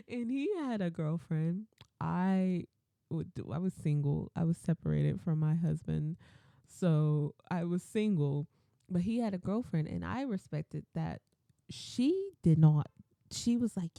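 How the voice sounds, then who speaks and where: A young adult woman hosting a podcast, telling work stories in a casual, animated way and acting out her coworkers' lines. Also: lowish voice, moderate pace, vocal fry, no echo. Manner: animated, acts out coworkers in quoted voices, laughs often. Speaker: podcast host. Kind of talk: casual storytelling monologue.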